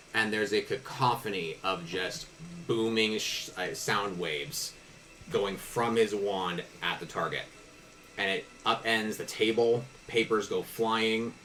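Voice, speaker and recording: A man's voice: on the low side, fairly bright tone, slight background noise, poor audio. A man narrating a tabletop game as game master, casual and descriptive, with restarts.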